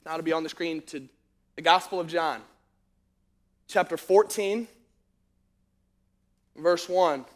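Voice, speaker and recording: A man preaching to a youth group, telling a story in slangy, animated speech and turning quieter and earnest when he teaches. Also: on the high side, slow, pauses often. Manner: slangy and animated, calls the crowd bro and dude. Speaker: youth pastor. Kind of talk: youth sermon with a comic opening story. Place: church youth service venue.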